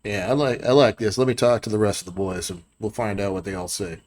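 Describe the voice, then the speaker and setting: A man playing a wary militia leader, halting drawl, fairly low voice, tabletop game. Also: darkish tone, natural voice. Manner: halting, drawling, many hesitations. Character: wary adult male small-town militia leader.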